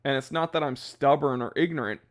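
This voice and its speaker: An American man hosting a casual livestream about watches, reading chat aloud and riffing, with a chatty and animated manner. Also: medium pitch, fairly quick. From United States. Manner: chatty and animated, jumps into goofy impressions of people. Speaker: watch channel host reading live chat.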